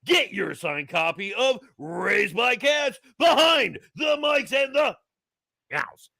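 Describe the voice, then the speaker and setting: Man doing a theatrical British-accented announcer, high sing-song pitch, bright gravelly tone, slow deliberate pace. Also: wildly swooping pitch, no echo, clean studio sound, heavily acted. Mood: hammy. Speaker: producer. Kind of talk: sponsor ad read.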